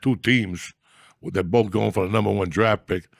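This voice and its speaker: A man with a low, gravelly, husky voice holds forth as a comedy podcast host. He rambles from one profane story to the next in loose, crude banter. The sound is close and dry, with no room behind him. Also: fairly even intonation, moderate pace, dry recording.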